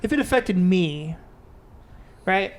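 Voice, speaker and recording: A man's voice: high-pitched, lively intonation, slow pace. A man co-hosting a podcast in casual chat, rambling through stories and laughing often. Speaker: podcast co-host. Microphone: studio mic under bright lights.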